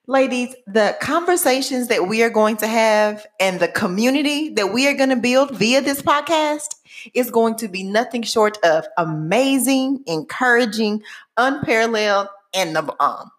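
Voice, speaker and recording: A woman in her forties from Texas, speaking with a Texan accent. She opens her own podcast as host, lively and playful, stressing words with emphasis. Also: on the high side, moderate pace. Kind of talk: enthusiastic podcast intro.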